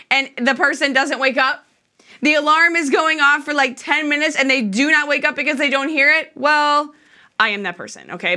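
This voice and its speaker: Bright-voiced woman preaching casually. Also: high-pitched. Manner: conversational, chatty storytelling with fillers. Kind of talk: sermon. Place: church.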